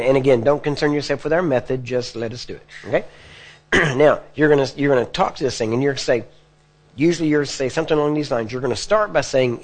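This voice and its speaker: A man preaching to a live audience, teaching step by step in a plain conversational way and often checking in with his listeners. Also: mid-range voice. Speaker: preacher teaching healing prayer. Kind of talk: sermon. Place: church or meeting hall before a live audience.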